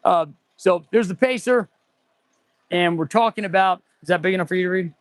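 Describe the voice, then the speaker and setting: A man's voice: sits high, fairly quick, no echo. A man in his forties, an auto mechanic hosting a casual livestream, rambling and answering viewer chat as he goes. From United States.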